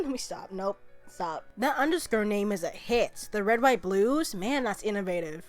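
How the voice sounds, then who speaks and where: A young woman hosting a casual review vlog of musical songs, talking in a playful, jokey, excitable way. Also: medium pitch, normal speed, soft background music.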